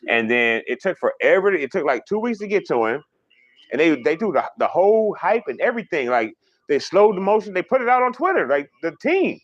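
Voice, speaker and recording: Man, livestream host, animated, rambling, swears a lot, slightly dull lo-fi sound. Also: high-pitched, no room sound. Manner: animated, rambling, swears freely, fast talker. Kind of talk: casual livestream chat reading viewer comments.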